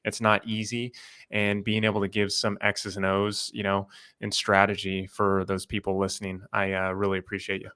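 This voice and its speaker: Host: man, low and even voice, relaxed loose interviewer. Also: normal speed, smooth. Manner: loose, filler-heavy questions. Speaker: podcast host. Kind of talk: casual interview.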